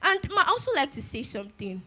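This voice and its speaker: A young woman with a Nigerian accent, a student giving a halting, emotional tribute speech, close to tears. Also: high-pitched, sing-song, bright, forceful tone. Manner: emotional and halting, with repeated restarts. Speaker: university student and fan.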